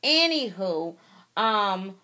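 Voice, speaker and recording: Woman telling a personal story, animated. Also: mid-range voice, extremely slow. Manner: emotional, animated retelling, addresses viewers directly; repeats herself for emphasis. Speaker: vlogger.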